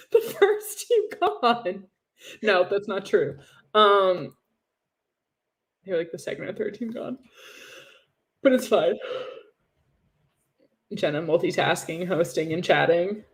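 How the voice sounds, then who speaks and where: A woman's voice: mid-range voice, very animated, slow, pauses often. A young woman co-hosting a livestream, chatting casually and sarcastically about hockey with frequent laughs. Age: young adult. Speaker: podcast co-host.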